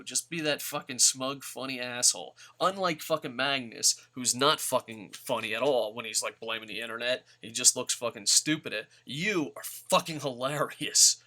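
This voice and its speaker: A man's voice: mid-range voice, pushed and bright. A man ranting bluntly and profanely about wrestlers in a rambling vlog. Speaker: wrestling vlogger. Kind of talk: casual profane rant.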